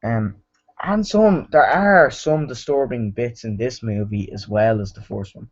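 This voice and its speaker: A man rambles casually through a movie review in a middle-pitched voice, stumbling over restarts and leaning on filler words. The recording sounds somewhat dull and lo-fi. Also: measured pace.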